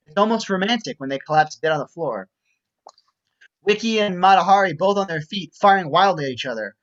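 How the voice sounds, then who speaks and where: A man's voice: high voice, fairly bright tone. Man reading stage directions, muffled audio. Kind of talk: script reading narration.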